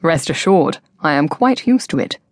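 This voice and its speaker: A woman voicing a polite, wealthy British gentleman with a formal, dry-humored manner. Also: deep voice, very animated, moderate pace, no echo. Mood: courteous.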